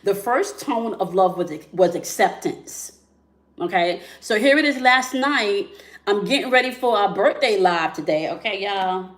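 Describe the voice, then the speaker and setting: This host of a spiritual relationship channel talks at a measured pace, her medium-pitched voice full of lively intonation. She's conversational, leaning on fillers and frequent "right?" and "okay?" checks, with noticeable reverb.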